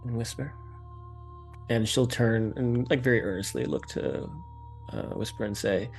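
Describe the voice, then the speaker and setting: A man's voice: on the low side, expressive, unhurried, vocal fry, soft background music. A man playing a tabletop game, casually describing his character's actions. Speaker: player.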